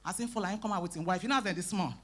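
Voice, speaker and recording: Talking very fast in a mid-range voice, a female comic with a Nigerian Pidgin accent works a live event stage. She animates her stories, erupts into shouted performed quotes, and teases the crowd.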